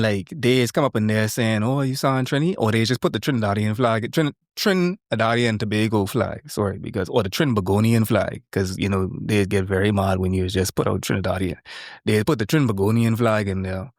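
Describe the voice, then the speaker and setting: A man's voice: lowish voice, a little fast, no room sound. Joking man, dry mic. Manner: animated, joking, slangy Caribbean speech. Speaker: podcast co-host. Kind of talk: casual chat.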